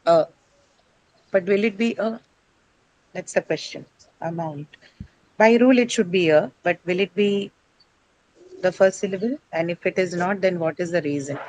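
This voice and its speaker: A woman's voice: lowish voice, moderate pace, pauses often, a little mellow, a little hiss or hum, low-quality recording. A woman teaching an English pronunciation lesson, patiently explaining and asking the class questions, often checking with "right?". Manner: patient, explanatory, asks questions then answers them, frequent "right?".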